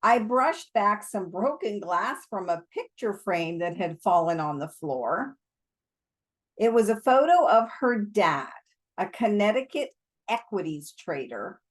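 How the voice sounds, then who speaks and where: Slow, relaxed woman reading aloud. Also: medium pitch. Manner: relaxed, chatty asides. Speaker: storybook reader.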